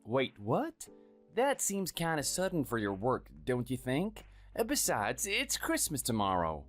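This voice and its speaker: A man voices a timid, sickly husband in his thirties, meek and apologetic, pleading in a raised pitch with huge swings. He speaks unhurriedly with a slightly bright tone, mixing dramatized dialogue and first-person narration over faint music.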